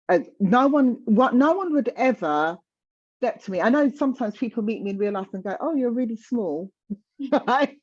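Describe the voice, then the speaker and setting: A woman's voice: mid-range voice, darkish tone, lo-fi sound. A woman in her fifties talking candidly in conversation, passionate and emphatic, often repeating words for stress. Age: 50s.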